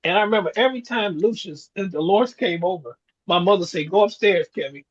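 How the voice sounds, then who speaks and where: A man in his sixties co-hosts a podcast, chuckling often as he tells reflective stories in a casual conversation. He talks briskly in a high-pitched voice with lively intonation. The sound is lo-fi and dull.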